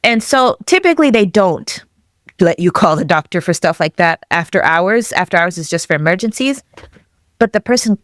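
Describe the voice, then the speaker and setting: A young adult woman telling her own story as a podcast guest, animated and acting out the voices of the people in it, laughing often. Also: lowish voice, moderate pace, no room sound, clean studio sound. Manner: animated, acts out quoted dialogue, laughs often. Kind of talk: personal storytelling.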